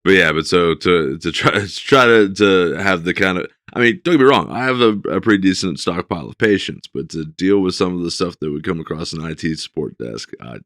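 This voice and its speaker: A man's voice: low-pitched, lively intonation, brisk, hardly any pauses, fairly bright tone, no room sound, clean studio sound. A middle-aged man co-hosting a casual chat, rambling through his points with plenty of fillers. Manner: rambling, many fillers like "you know". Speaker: podcast co-host.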